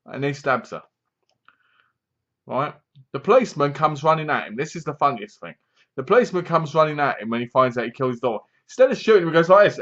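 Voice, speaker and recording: A man's voice: on the high side, expressive, quick pace, a bit bright, highs cut off. A man reviewing a horror film in a casual, rambling, sarcastic way. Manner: sarcastic, mocking, meandering.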